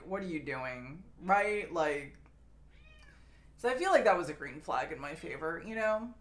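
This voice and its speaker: A woman's voice: on the low side, fairly bright tone. A young adult woman streamer chatting casually with her viewers, rambling and swearing freely.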